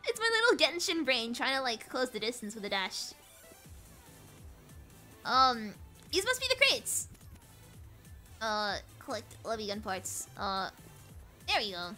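A young woman streamer plays through a game live, reading its dialogue aloud and joking about herself as she goes. Her voice sits high and bright, with pitch that leaps around as she chatters. Faint game music plays softly behind her. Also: lively intonation, measured pace, long pauses. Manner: giggly, playful, self-mocking. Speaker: VTuber streamer.

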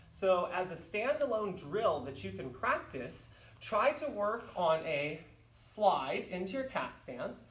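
A man leading an online martial arts class, explaining stances and shouting counts and drill commands. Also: high-pitched. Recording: roomy echo, mic far off.

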